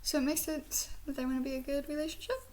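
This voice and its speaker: Young-sounding female vlogger from the US South, slight speech impediment, high voice, rambling casual review with whispered asides. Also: steady tone, fast talker. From Southern United States. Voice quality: speech impediment that she says sounds British. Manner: chatty and giggly, with many "like" fillers and soft whispered asides. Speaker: video reviewer.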